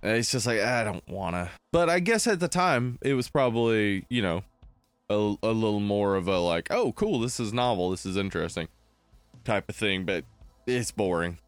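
A man's voice: lowish voice, animated, moderate pace, clean tone, dry recording, soft background music. A man from New Jersey co-hosting a casual movie chat podcast, rambling with fillers and laughing often. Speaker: podcast co-host.

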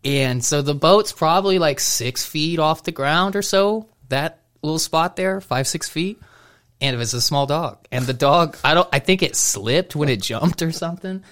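A man's voice: on the high side, expressive, normal speed, fairly bright tone. Rambling young man telling a story. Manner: rambling, laughing storyteller with many restarts. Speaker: podcast co-host. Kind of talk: casual storytelling chat.

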